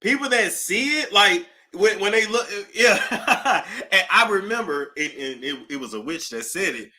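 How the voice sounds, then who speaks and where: A woman hosting a casual celebrity gossip talk, animated, with nervous laughter and dramatic gasps. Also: mid-range voice, a little slow.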